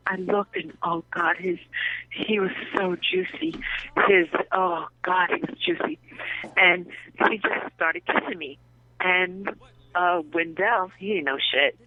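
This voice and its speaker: A woman guest telling animated, profane stories in a casual interview, often bursting into laughter. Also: mid-range voice, unhurried, pauses often, no echo, narrow, tinny audio. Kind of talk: casual storytelling.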